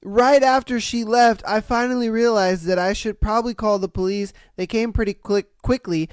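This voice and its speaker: A young adult podcast host reading listener stories aloud and reacting with profane, loud disbelief. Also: medium pitch, normal speed, clean tone, no echo, clean studio sound. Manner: profane, loudly incredulous reactions.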